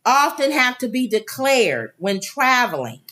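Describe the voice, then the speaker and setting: A woman co-hosts a casual talk show, reading celebrity news items aloud. Her voice sits a little high and moves a lot. She keeps stopping to joke and throw in voices. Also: sing-song, a little slow, fairly bright tone.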